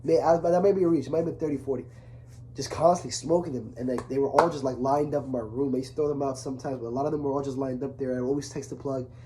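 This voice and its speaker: A young man talking casually to camera, earnest and rambling, full of restarts, growing softer when he speaks of his father. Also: medium pitch, steady tone, fast, slight background noise. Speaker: vlogger. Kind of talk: casual confessional talk to camera.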